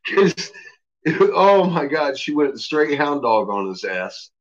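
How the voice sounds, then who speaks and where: A man's voice: on the high side, big pitch swings, takes it slowly, noisy background. A man casually commenting on his dogs in a basement, amused and profane, voicing what the dogs think. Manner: amused, profane, voices his dogs' thoughts. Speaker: dog owner filming his pets. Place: house basement. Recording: dull lo-fi home video.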